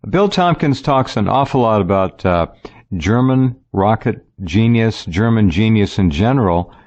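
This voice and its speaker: Low-voiced male radio host, lo-fi. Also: expressive, a little slow, a little mellow. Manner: conversational, repeats words when starting sentences. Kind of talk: casual radio chat. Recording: dull lo-fi audio.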